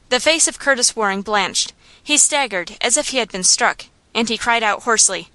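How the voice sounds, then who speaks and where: A woman reads an audiobook chapter in a steady, clear storytelling manner. Her voice is bright and sits somewhat high. The recording is dry and close. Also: normal speed, few pauses, no echo. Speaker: audiobook reader. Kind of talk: audiobook narration.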